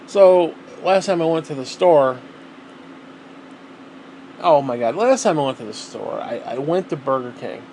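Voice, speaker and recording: Guy ranting at home, cussing a lot, kinda high voice, faint hum behind. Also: expressive, measured pace, creaky, long pauses, darkish tone, poor audio. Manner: rambling, heavy swearing. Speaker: vlogger. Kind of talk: casual rambling monologue.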